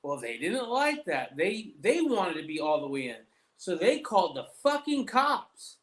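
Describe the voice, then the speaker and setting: A man's voice: sits high, very animated, a little slow, low-quality recording. Male host, casual chat, profane storyteller. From United States.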